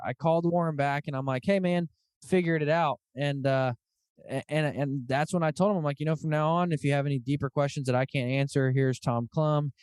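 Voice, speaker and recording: A man hosting a podcast, his voice smooth and resonant and sitting at a middle pitch. He sounds earnest and chatty as he tells stories and plays the other people in them. The sound is dry and close to the mic. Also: a little mellow, no room sound. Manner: earnest storyteller who acts out quoted dialogue. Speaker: podcast host. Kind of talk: casual podcast conversation.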